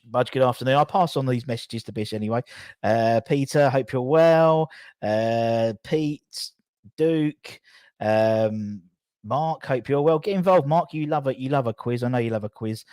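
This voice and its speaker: A man's voice: mid-range voice, darkish tone, dry recording. A man hosting a casual live stream, apologising again and again in a rambling way with many restarts. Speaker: host.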